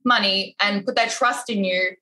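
Chatty woman talkin biz on a podcast, bright tone, lots of likes. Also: mid-range voice, moderate pace, poor audio. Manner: chatty, animated, lots of fillers. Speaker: wedding photographer, podcast guest. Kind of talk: casual podcast chat.

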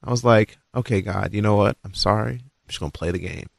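A man telling a long, animated story about his football days, acting out his own lines. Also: fairly quick, gravelly, no room sound, studio quality. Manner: animated, acts out dialogue with rising pitch. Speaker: guest recalling his football career. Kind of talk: casual storytelling.

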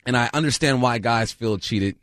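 A man's voice: mid-range voice, normal speed, a bit bright, no room sound, studio quality. A male co-host giving blunt takes in casual sports talk, leaning on stock phrases. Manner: blunt, repeats himself.

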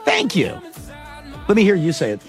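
A man hosting a casual talk show, animated and teasing, quick to laugh. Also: high-pitched, soft background music. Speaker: radio show host. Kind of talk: casual chat.

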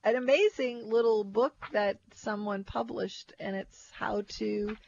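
A woman's voice: medium pitch, steady tone, unhurried, vocal fry, darkish tone. A woman co-hosting a radio food show, chatting and reading out the call-in number. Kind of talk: radio talk show chat. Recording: dull radio audio with faint noise.

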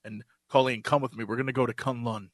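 A man voicing a gruff, deadpan male TV hero in a flat, mock-serious way. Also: mid-range voice, fast talker, no echo, studio quality, voice pushed down, natural voice.

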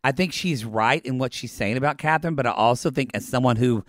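A man's voice: mid-range voice, fairly quick, no room sound, studio quality. A man co-hosting a reality TV recap podcast, chatting casually and acting out scenes with profanity. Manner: animated, profane, acts out lines. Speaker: podcast co-host.

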